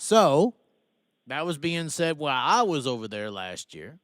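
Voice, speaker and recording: A man's voice: on the high side, lively intonation, a little slow, a bit bright, clear, resonant tone, dry recording. Blunt, swearing man host. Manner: blunt, swears freely, stammers on restarts. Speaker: podcast host. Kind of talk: casual live-stream talk about racing.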